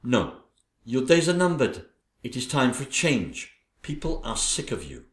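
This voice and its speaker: A man voicing a stern woman visitor who speaks in a grave, measured way. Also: mid-range voice, sing-song, roomy sound.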